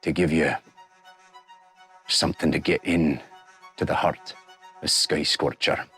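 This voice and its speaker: A man voicing a grateful outfitter in a tabletop game, speaking slowly and solemnly in a lowered voice. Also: steady tone, fairly bright tone, slightly rough, soft background music, exaggerated voice. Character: grateful gruff outfitter who got his son back.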